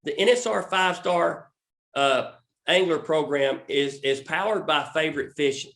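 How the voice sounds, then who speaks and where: A Southern American man with a fairly high voice explains a recruiting program in a slow, halting way, restarting his sentences and filling pauses. The room around him is echoey. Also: a bit bright. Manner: halting, with many restarts and fillers. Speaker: fishing recruiting scout.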